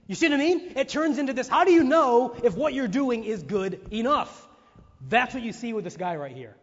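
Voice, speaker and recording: A man preaching a sermon to his church, animated, acting out voices and firing off rhetorical questions. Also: extremely high pitch, moderate pace, husky. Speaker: pastor. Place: church sanctuary. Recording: muffled sound in a reverberant hall.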